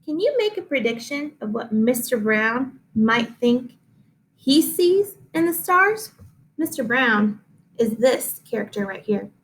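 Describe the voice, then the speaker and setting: A woman reading a picture book aloud to children, slow and expressive, stopping to explain. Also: a little high.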